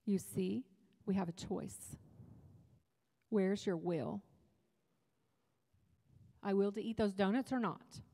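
A woman's voice: medium pitch, takes it slowly, gravelly, long pauses, mellow. Woman preaching in an echoing hall. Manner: conversational, humorous preaching with asides. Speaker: women's retreat speaker. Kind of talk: sermon. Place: church hall.

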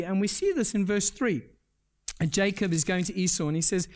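A man with a high-sitting voice preaches a sermon at a church service, speaking a little fast. He talks earnestly, repeats his key points, asks the congregation questions, and pokes fun at himself with self-deprecating humor.

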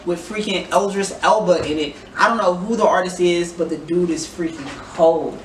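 A man's voice: high-pitched, fairly even intonation, normal speed. A man hosting a casual reaction vlog, rambling and joking while putting on a playful fake accent. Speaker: vlogger host. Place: family home. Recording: echoey room, distant mic, noisy.

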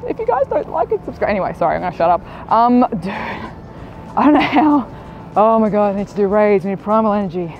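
A young woman, chatting excitedly to camera while walking outdoors in the desert. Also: medium pitch, quick pace, lo-fi sound, a little hiss or hum. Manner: chatty, excitable, self-mocking. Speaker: vlogger. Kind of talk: casual vlog chat. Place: outdoors in the desert at a live event.

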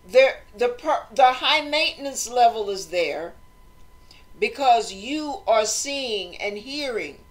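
Woman host, motivational talk, slightly high voice, animated delivery that acts out voices. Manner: animated, acts out quoted voices, conversational preaching.

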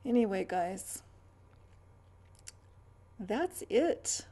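A woman's voice: mid-range voice, very animated, drawn-out words, warm tone. A middle-aged woman vlogging in a rambling, chatty way, with stammered restarts and trailing asides. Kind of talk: rambling casual chat.

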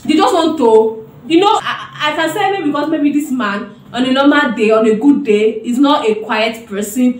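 A woman's voice: high voice, moderate pace, echoey room, a little hiss or hum. A woman hosting a reaction video, chatting casually and exclaiming animatedly.

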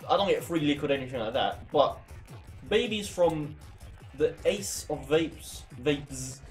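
A man's voice: on the high side, lively intonation, normal speed, soft background music. A man chatting animatedly and jokingly while reviewing a vape product. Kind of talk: casual review chat.

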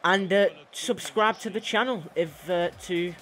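A man's voice: high-pitched, a little slow, a bit bright. Young man, rambling game commentary. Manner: chatty, rambling with fillers and self-corrections. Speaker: gaming channel host. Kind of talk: casual gameplay commentary.

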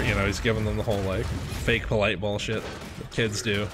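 A man's voice: fairly low pitch, little pitch movement, a little fast. A young man casually telling a rambling story while playing a game, cursing and muttering at the game. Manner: profane, rambling, frustrated asides to the game. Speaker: gaming channel host. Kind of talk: casual gameplay commentary with storytelling.

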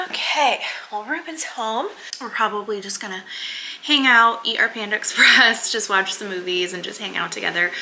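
A young woman chatting casually in a home vlog, sometimes cooing at her dog in a high baby voice. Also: pushed and bright. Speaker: vlogger. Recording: faint household noise.

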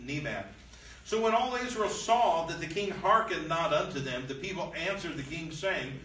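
Reading old scripture aloud and then explaining it plainly and casually, a man teaches a Bible lesson in a church room. His voice is a little high with a sharp tone. The recording is echoey from a distant mic, with slight background noise.

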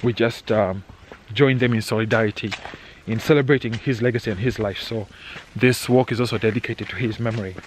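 A man's voice: fairly low pitch, steady tone, brisk, rough recording. Man, middle-aged, casual hiking vlog, rambling and jokey, outdoors on a trail, faint background noise. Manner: rambling, joking, frequent "eh?" tags. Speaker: vlogger on a hike. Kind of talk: casual walking vlog narration. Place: outdoors on a muddy canyon trail.

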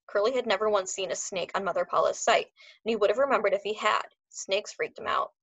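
A woman's voice: medium pitch, brisk, vocal fry, breathy edge, dry recording, muffled recording. Woman reading a novel aloud. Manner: expressive, acts out characters.

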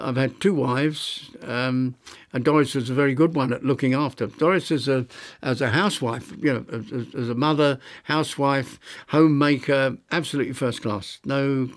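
Halting elderly man reminiscing. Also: medium pitch. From London, England. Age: 90s; older. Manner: halting, reflective, many restarts and fillers. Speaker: interviewee, retired architect. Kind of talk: reminiscing interview.

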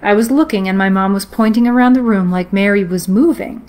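A woman hosting a live stream, reading a ghost story aloud in a steady, measured storytelling way. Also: mid-range voice. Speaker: host.

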